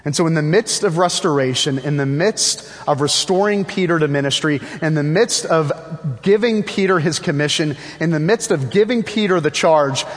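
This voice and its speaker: A man's voice: fairly high pitch, moderate pace. Man preaching emphatically in a reverberant hall. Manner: emphatic, repetitive preaching with rhetorical questions. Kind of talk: sermon.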